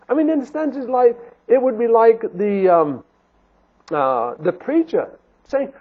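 A man with a high, husky voice preaches a sermon, pressing his listeners with pleading rhetorical questions. The sound is thin and narrow, like a phone line. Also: very animated, normal speed.

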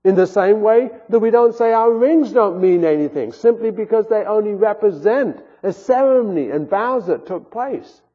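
A man's voice: high voice, moderate pace, hardly any pauses. A man, a pastor, delivering an earnest sermon with rising and falling emphasis, heard through a tinny, phone-like recording. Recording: phone-like sound with long hall reverb.

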